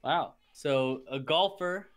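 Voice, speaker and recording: A man's voice: on the high side, slow, fairly bright tone, no room sound. A man hosting a podcast, asking questions and explaining things plainly. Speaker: podcast host. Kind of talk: casual interview chat.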